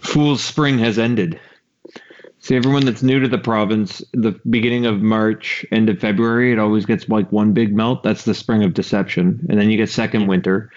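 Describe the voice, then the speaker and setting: A man's voice: on the low side, fairly even intonation, moderate pace, a little mellow. A man co-hosting a casual podcast, cracking jokes and rambling through stories. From Quebec, Canada. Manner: joking, rambling storyteller. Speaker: podcast co-host. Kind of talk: casual chat. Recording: dull lo-fi remote audio.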